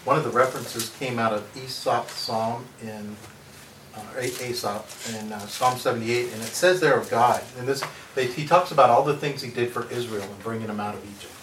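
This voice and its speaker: A man's voice: mid-range voice, noisy background. Earnest man in a Bible study group. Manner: earnest, reads scripture slowly. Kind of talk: casual group Bible discussion. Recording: echoey room, mic far off.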